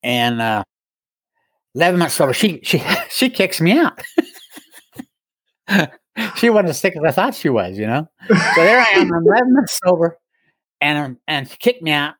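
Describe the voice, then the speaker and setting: A man's voice: fairly high pitch, big pitch swings, moderate pace, long pauses, a bit bright, dry recording. Wry man telling his story. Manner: wry, self-mocking humor with chuckles. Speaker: guest speaker in recovery. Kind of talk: casual storytelling.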